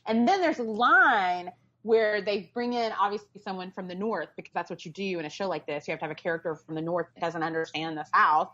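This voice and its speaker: A woman co-hosting a casual pop-culture podcast, talking in a sarcastic, animated way. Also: fairly low pitch, brisk. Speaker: podcast co-host. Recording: dull lo-fi sound.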